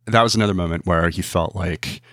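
A man's voice: low voice, fairly quick, fairly bright tone, dry recording, clean studio sound. A man, a journalist guest in an interview, speaking thoughtfully and repeating words as he searches for them. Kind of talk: interview conversation.

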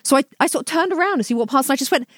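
A woman co-hosting a podcast, telling lively stories in casual chat and laughing often. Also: high-pitched, very fast, no room sound, clean studio sound. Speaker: podcast co-host.

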